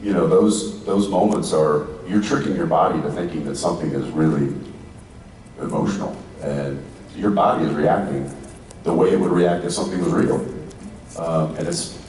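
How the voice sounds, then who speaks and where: A man's voice: low voice, moderate pace, a little mellow, a little hiss or hum. A man in his forties, an actor on a convention panel, telling thoughtful stories to a live audience, often trailing off and restarting. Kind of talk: reflective storytelling to a live audience. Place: large convention hall stage. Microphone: handheld mic, recorded from the audience. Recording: distant echoey hall audience recording.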